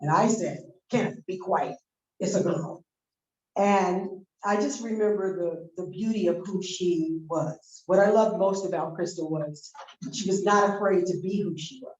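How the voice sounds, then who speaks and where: A woman with a mid-range voice delivers a heartfelt, halting tribute at a memorial, repeating phrases as she searches for words. Her voice echoes through the room and comes across muffled over a video call. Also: lowish voice, darkish tone. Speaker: aunt giving a eulogy. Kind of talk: memorial eulogy.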